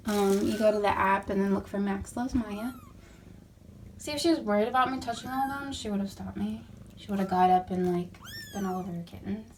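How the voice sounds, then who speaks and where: A woman's voice: mid-range voice, a little fast, background noise. A young woman at home, chatting to her cats in sweet baby talk and explaining things to her viewers as she tidies their bed. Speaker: pet vlogger. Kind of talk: casual narration while handling kittens. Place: at home beside a cat bed.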